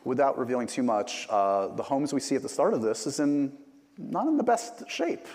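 A man's voice: medium pitch, big pitch swings, normal speed, darkish tone. A man hosting an interview, asking questions in a playful, teasing, chatty way. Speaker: interviewer host. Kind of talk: casual promotional interview. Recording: roomy reverb.

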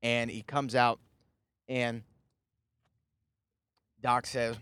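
A podcast host talks through a film scene by scene in a loose, rambling way. His voice sits at an ordinary middle pitch for a man. He leans on "you know" and chuckles now and then at his own asides. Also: moderate pace. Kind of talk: casual movie recap.

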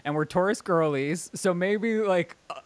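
A man co-hosting a podcast in casual chat, talkative and supportive, asking gentle questions. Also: high-pitched, moderate pace, clean tone. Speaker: podcast co-host.

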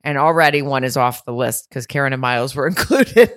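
A woman co-hosting a podcast in casual chat, blunt and quick to swear. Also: rumbling low, animated, no room sound, studio quality. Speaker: podcast co-host.

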